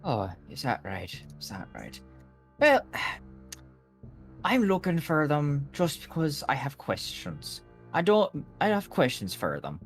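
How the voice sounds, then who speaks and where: A man voicing an imposing male traveling investigator who speaks in a gruff, blunt, street-slang way in a tabletop game. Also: on the high side, wildly swooping pitch, slow, soft background music, voice pushed up, full character voice. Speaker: player.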